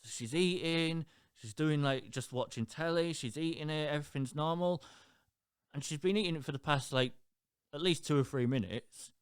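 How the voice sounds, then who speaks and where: Animated man on a podcast. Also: fairly high pitch, normal speed, smooth, dry recording, studio quality. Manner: animated storytelling, swears freely. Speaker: podcast co-host. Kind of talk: casual chat.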